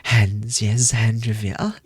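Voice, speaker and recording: A young man streaming, talking in a loose, rambling way that circles back on his own phrases with playful self-mockery. His voice sits on the low side with a husky grain, and it comes across dry and close, with no room sound around it. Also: flat delivery, very slow, no room sound. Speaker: VTuber streamer. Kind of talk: casual debut stream chat.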